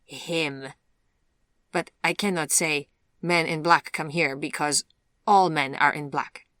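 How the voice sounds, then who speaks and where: A woman's voice: low voice, slow, dry recording, clean studio sound. Woman doing a fierce old fortune teller, heavily accented. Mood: stern. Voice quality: heavy put-on foreign accent, broken English. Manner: stern and commanding, bursts into frightened shouting. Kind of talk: audiobook character voice.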